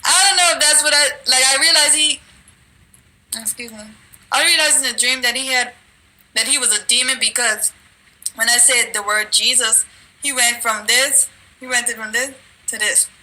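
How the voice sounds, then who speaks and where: A woman with a very bright, fairly high voice recounts a religious dream in casual, rambling speech. She restarts her sentences and uses fillers, and now and then she reads scripture aloud. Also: fairly even intonation, normal speed, poor audio. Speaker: religious video maker. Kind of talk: casual testimony and scripture reading.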